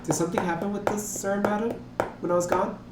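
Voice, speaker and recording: A tabletop role-playing game player, talking in an animated, playful way. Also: mid-range voice, quick pace, recorded from a distance, background noise. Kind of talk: casual in-character game chat. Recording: echoey room.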